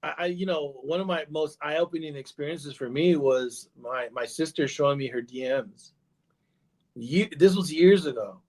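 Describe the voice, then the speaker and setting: A man talking as a podcast guest, his voice sitting a little higher than most men's. He rambles through his story in a casual way, full of fillers, restarts and repeated "you know"s. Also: normal speed, a little mellow. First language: bilingual in Spanish.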